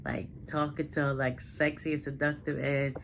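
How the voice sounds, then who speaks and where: A woman's voice: deep voice, flat delivery, moderate pace, vocal fry, slight background noise. Chatty woman recapping a TV episode. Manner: chatty, loose, heavy with fillers like "like" and "listen". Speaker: recap vlogger.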